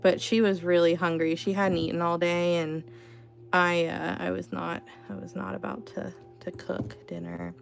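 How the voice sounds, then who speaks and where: A woman's voice: on the low side, level tone, moderate pace, vocal fry, soft background music. A woman hosting an art livestream from home, chatting casually with lots of "like" and "you know".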